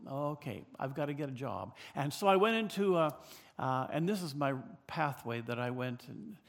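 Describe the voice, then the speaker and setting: An older man from British Columbia, Canada, telling a personal story in a halting way with many fillers and restarts. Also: medium pitch, expressive, creaky, long reverb tail.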